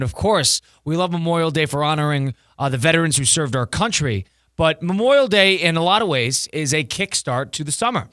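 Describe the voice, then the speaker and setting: A man's voice: a little high, dry recording, studio quality. A man from the Northeast US co-hosting a sports radio show, chatting and reading a live ad with lots of energy. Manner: energetic, talkative, jokey. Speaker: radio co-host. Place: radio studio. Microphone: studio mic.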